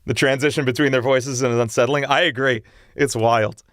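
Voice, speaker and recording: A man's voice: medium pitch, fairly even intonation, moderate pace, a bit bright, dry recording, clean studio sound, soft background music. A man chatting casually with viewers on a livestream, talking eagerly about singing and voice technique. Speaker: streamer and singer.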